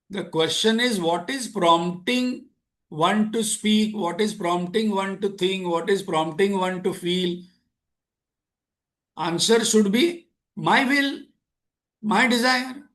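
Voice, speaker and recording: A man's voice: sits high, fairly bright tone. A man giving a spiritual lecture on Vedanta, posing rhetorical questions and voicing objections. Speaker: Vedanta teacher.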